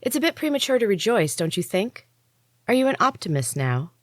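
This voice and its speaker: A woman's voice: on the low side, lively intonation, moderate pace, no echo, studio quality, pitched above the performer's own voice, close to an everyday voice. Lady voicing a blunt worn-out young warrior girl, grudging, storybook read. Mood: weary. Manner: blunt, weary, begrudging. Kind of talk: audiobook reading.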